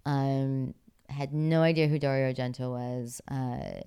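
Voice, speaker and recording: Speaking with a very deep voice, this woman from Pittsburgh, USA, an actress who used to figure skate, tells stories in a chatty interview and laughs a lot. Her delivery is animated and a little slow, with a dark, clean tone.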